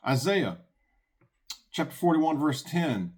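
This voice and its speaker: A man's voice: medium pitch, sing-song, a little slow, pauses often. A man hosting a prepping channel, giving earnest, folksy commentary and reading scripture aloud.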